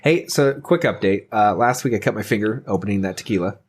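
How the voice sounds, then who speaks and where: A man's voice: lowish voice, fairly quick, breathy edge. A man hosting a casual podcast chat, rambling with lots of fillers, laughing often and swearing as he tells stories. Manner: profane, animated storytelling. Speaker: podcast host.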